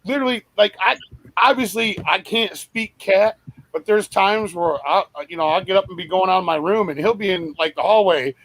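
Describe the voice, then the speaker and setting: A man's voice: sits high, normal speed, a bit bright, rough recording. A man in casual group chat, telling stories with lots of swearing and imitating his cat's meows.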